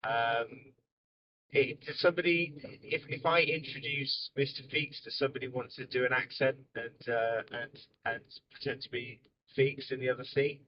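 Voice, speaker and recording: A man in the middle pitch range hosts a casual chat from inside a car. He is jokey and rambling and laughs often. The audio is dull and lo-fi. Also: steady tone, moderate pace. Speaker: podcast host.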